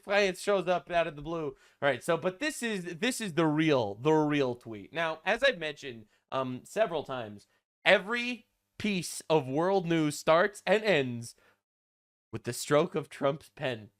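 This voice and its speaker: A man's voice: a little high, animated, measured pace. A man giving sarcastic, crude political commentary as a vlogger.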